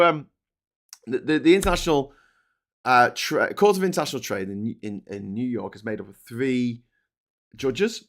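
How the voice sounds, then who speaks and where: A British man hosting a political commentary show, ranting casually and sarcastically. He swears freely, stumbles over and repeats words, and his voice climbs when he gets worked up. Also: medium pitch.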